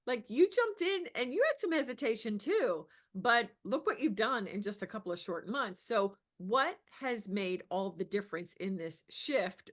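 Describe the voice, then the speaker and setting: A woman with a mid-pitched voice hosts the interview. She asks questions and affirms her guest with enthusiasm. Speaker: business coach, host.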